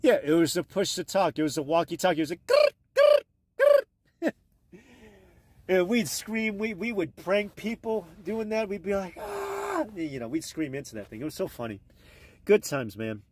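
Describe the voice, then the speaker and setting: A man's voice: high voice, normal speed, slight background noise. A man rambling casually and crudely on a live stream, talking into his phone. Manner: crude, meandering, offhand.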